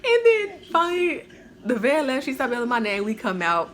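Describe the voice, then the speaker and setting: A woman telling a personal story in a casual storytime vlog, animated and slangy, with lots of "like" fillers. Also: high voice, normal speed.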